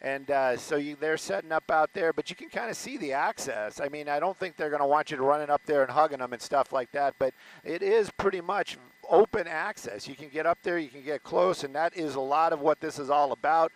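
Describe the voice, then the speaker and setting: A man's voice: fairly high pitch, brisk, few pauses, poor audio. A man doing loose, rambling live commentary as a helicopter news reporter, often stopping and restarting mid-sentence. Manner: loose, rambling, self-interrupting. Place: news helicopter over a stadium.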